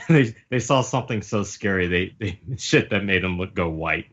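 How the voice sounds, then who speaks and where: A man's voice: low voice, normal speed, muffled recording. A man hosting a podcast, recapping a comic casually, laughing often and acting out the panels. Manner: laughing, animated, acts out panels. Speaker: podcast host.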